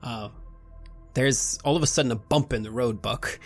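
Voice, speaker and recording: A man's voice: medium pitch, moderate pace, faint music behind. A man narrating as game master of a tabletop horror game, in a taunting, unsettling manner.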